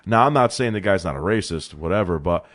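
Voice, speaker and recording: A young man co-hosting a sports podcast in a small studio, talking in an excitable, animated way and calling his partner bro. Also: sits low, a little fast. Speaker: co-host. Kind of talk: casual sports talk.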